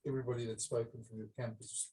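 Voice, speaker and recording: A man, a sports journalist, putting quick follow-up questions to a coach. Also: mid-range voice, flat delivery, warm tone, slight background noise, poor audio. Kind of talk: asking a press conference question.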